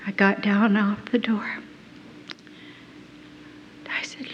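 A woman's voice: medium pitch, level tone, slow pace, long pauses. A woman telling her own story to an audience as an earnest, emotional testimony. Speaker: speaker giving a testimony. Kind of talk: first-person testimony to an audience. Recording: dull lo-fi hall recording with faint noise.

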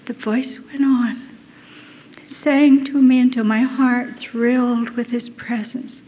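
A woman's voice: a little high, steady tone, slow pace, warm tone, husky. A woman telling her own story to an audience as an earnest, emotional testimony. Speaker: speaker giving a testimony. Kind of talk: first-person testimony to an audience. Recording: dull lo-fi hall recording with faint noise.

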